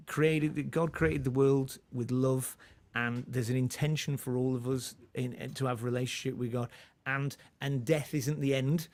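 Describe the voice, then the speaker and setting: A man's voice: mid-range voice, fairly even intonation, moderate pace, hardly any pauses, darkish tone. A man in his forties, a comedian guest, telling a personal story in a rambling way, with many restarts and laughs. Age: 40s. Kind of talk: relaxed storytelling in conversation.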